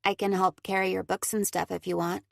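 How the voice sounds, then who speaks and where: Woman doing a subdued young girl, quiet, helpful, near-natural voice, audiobook. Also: medium pitch, flat delivery, fairly quick, vocal fry, no echo, studio quality, lightly acted.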